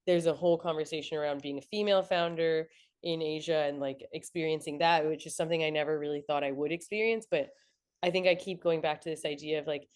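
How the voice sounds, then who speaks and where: Low-voiced young woman, reflective. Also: steady tone, quick pace. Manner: reflective, frequent "like" fillers. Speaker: entrepreneur guest. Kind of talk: casual podcast interview.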